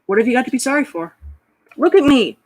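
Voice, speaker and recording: A woman's voice: high-pitched, expressive, fast, darkish tone, voice pushed up. A woman voicing a young male half-orc bard who talks in anguished, self-pitying outbursts. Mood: self-loathing. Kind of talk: storytelling with character voices.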